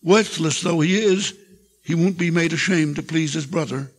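Weary, tender farm wife, read by an older man: soft and pleading, raspy grain, reverberant lecture-hall tape. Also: on the high side, normal speed, natural voice. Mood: gentle pleading. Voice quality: gravelly, husky voice.

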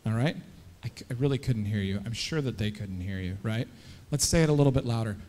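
A man's voice: fairly low pitch, quick pace, few pauses, dark tone. A man leading a children's message in church as pastor, coaxing the kids with many friendly questions. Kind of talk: children's sermon. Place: church sanctuary. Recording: long church hall reverb.

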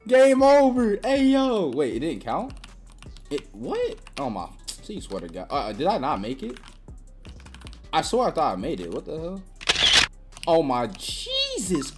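A young woman giving live gameplay commentary, trash-talking with sudden excited yelps and shouts. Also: very deep voice, normal speed, long pauses, over music. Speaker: gaming channel host.

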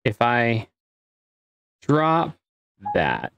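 A man's voice: mid-range voice, wildly swooping pitch, extremely slow, vocal fry, a bit bright, muffled recording. A man giving casual let's-play commentary, muttering to himself as he works things out and swearing when frustrated. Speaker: gamer playing a space survival game.

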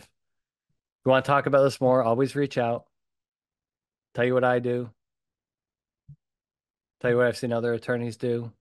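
A man's voice: medium pitch, normal speed, pauses often, clean tone, no echo, studio quality. A man hosting his own podcast, talking bluntly and emphatically, with a lot of punchy repetition. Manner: emphatic and animated. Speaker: podcast host. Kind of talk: solo podcast talk.

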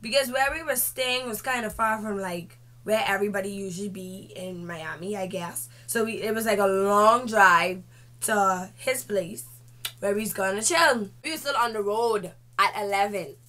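A young woman telling a casual storytime vlog, animated and lively, with slangy asides to her viewers. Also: medium pitch, normal speed.

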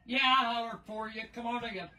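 An older woman making prank videos, cursing and yelling at her grandson in rough, profane banter. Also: on the high side, steady tone, a little fast. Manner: foul-mouthed, yelling, cackling.

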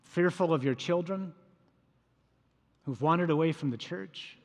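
A man preaching a sermon, his voice sitting fairly high for a man. He tells the scripture as a lively story and slips into the voices of the people in it. The sound rings with the long reverb of a large hall. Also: unhurried. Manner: storytelling, acts out voices of disciples. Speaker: priest preaching.

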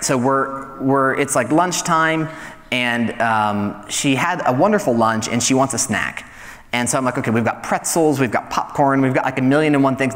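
A man in his thirties, a young adults pastor, preaching a relaxed, conversational sermon full of storytelling and light self-deprecating humor. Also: mid-range voice. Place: church hall. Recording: reverberant hall sound.

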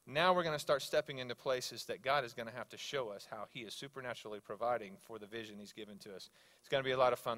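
A male pastor preaching a sermon, telling stories with animated swings between loud exclamations and hushed asides. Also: medium pitch. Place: church sanctuary.

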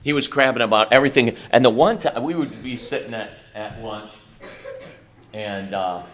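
A middle-aged male pastor preaching a sermon in a college chapel, animated, swinging between loud and soft with mocking asides. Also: lowish voice, moderate pace.

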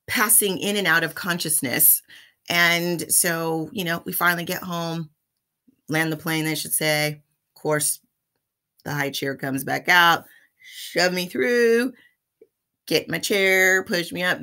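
Middle-aged woman vlogger, bright lower voice, chatty storyteller. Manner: chatty, animated, addresses viewers as y'all. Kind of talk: casual storytelling vlog.

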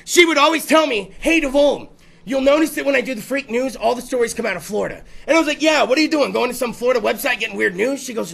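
A man's voice: very high voice, quick pace, creaky, a bit bright. A man hosting a talk show, riffing through rowdy, profane comedic bits and putting on voices for the stories. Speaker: podcast host.

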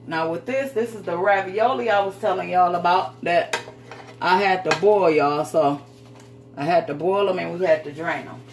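A woman's voice: fairly low pitch, moderate pace, noisy background. Chatty woman cooking in her kitchen. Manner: chatty, folksy, calls viewers sweet babies, swears casually. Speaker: home cooking vlogger. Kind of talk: casual cooking demonstration. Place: home kitchen.

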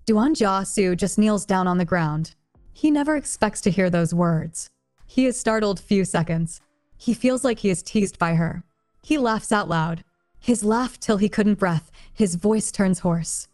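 A woman's voice: mid-range voice, a little slow. Woman narrating an audiobook over faint music. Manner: plain, even read-aloud delivery in short sentences. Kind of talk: reading a translated novel aloud.

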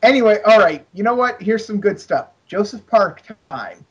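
Guy cohosting a wrestling podcast, kinda husky voice, wry and sweary. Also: high-pitched, lively intonation, moderate pace, fairly bright tone, dull audio. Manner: wry, swears, keeps count of felonies. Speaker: podcast co-host. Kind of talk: casual chat.

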